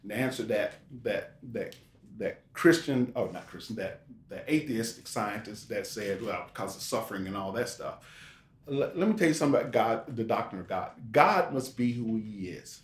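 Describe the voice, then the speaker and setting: A man's voice: fairly low pitch, lively intonation, normal speed. A man giving an informal sermon, talking through scripture in a rambling, conversational way with rhetorical questions. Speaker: preacher. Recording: roomy echo.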